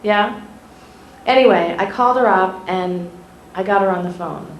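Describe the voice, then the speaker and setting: A woman journalist telling schoolchildren a personal story in an animated way, often asking them questions directly. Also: mid-range voice, normal speed. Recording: echoey room, faint ambient noise.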